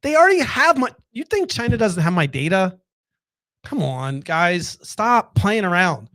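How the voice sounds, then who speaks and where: Guy with a highish voice ranting casually late at night, cursing, asking questions, dry close mic. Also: big pitch swings, measured pace, sharp tone, dry recording. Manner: candid, swearing, rhetorical questions. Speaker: podcast host.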